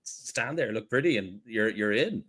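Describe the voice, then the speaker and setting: Lower-voiced joking podcast host. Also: male voice, normal speed, husky. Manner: animated, joking, laughs often. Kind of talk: casual chat.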